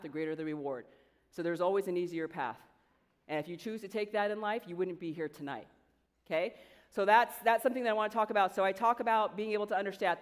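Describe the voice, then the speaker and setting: Energetic woman coach in a reverberant hall. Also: on the low side. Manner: energetic, conversational, quizzes the audience. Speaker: coach and guest speaker. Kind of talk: motivational speech to students. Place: large event hall with an audience.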